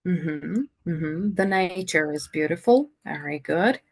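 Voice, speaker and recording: Slow-speaking woman teaching English. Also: deep voice, lively intonation. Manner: slow, patient, many fillers. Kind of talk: online conversation lesson.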